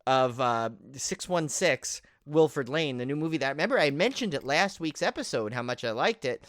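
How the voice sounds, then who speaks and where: A man's voice: fairly high pitch, animated, moderate pace, a bit bright, dry recording, clean studio sound. Rambling, enthusiastic male co-host. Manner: rambling, full of "uh" fillers and restarts, enthusiastic. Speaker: podcast co-host. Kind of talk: casual chat.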